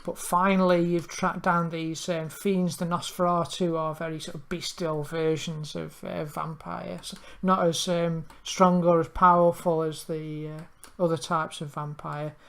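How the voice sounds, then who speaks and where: A woman's voice: lowish voice, level tone, gravelly, fairly bright tone. Woman narrating a tabletop game. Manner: unhurried, hesitant narration full of fillers. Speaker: game master.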